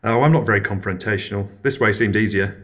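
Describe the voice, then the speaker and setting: Low-voiced man hosting an absurdist comedy podcast, with mild, hesitant, dry narration. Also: steady tone, quick pace, fairly bright tone. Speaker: podcast host.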